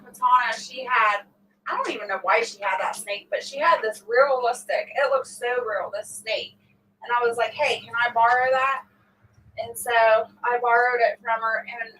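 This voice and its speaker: A middle-aged woman chatting on a live stream, laughing often as she tells stories. Her voice is a little high and sits away from the mic. A faint hum of room noise runs underneath. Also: bright, forceful tone, far from the mic, poor audio. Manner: laughs often while telling prank stories. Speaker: vlog host. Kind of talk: casual live-stream chat.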